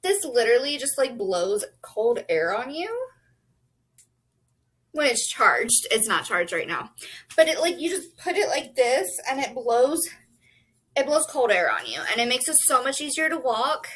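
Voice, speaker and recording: Bubbly high-voiced young woman vlogger. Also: unhurried, slightly rough, rough recording. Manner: bubbly, excitable, lots of "like" and "um". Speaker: book vlogger. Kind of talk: casual chat to camera.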